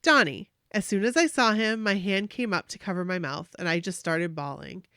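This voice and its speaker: A woman podcast host reading a listener's fan story aloud, animated and gushing, with emotional asides. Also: medium pitch, moderate pace, clean tone, dry recording, studio quality.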